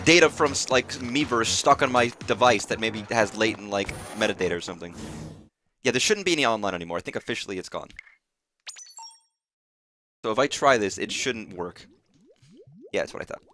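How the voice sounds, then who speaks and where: A man's voice: mid-range voice, pushed and bright, slight background noise. A man giving casual, profane, rambling commentary while streaming a video game live. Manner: rambling, profane, restarts phrases.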